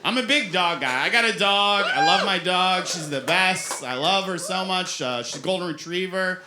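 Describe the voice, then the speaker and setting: A man's voice: high voice, normal speed, noisy background. A man in his forties performing a stand-up comedy set on a club stage, telling playful self-mocking stories. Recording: roomy club sound with crowd laughter.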